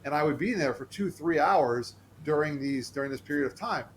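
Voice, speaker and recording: A man's voice: on the high side, fairly quick, slight background noise. Earnest man telling a personal story. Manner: earnest and animated, acting out quoted voices. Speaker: podcast guest.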